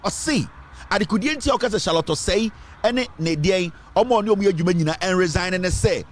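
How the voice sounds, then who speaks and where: A Ghanaian-accented man hosts an online news show, talking politics in a high-pitched, expressive voice at a brisk clip. Emphatic throughout, he repeats phrases and mixes Twi into his English.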